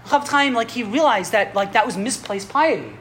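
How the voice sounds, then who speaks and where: A woman teaching a class on Jewish history, telling stories in an animated way with frequent chuckles and restarts. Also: on the high side, brisk, slight background noise. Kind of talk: classroom lecture with storytelling. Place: classroom with students.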